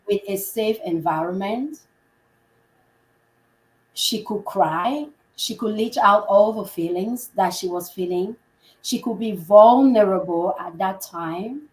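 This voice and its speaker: Animated woman telling a story in a roomy space. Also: mid-range voice. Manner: animated, acts out quoted dialogue. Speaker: healthcare provider. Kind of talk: conversational storytelling. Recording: roomy echo.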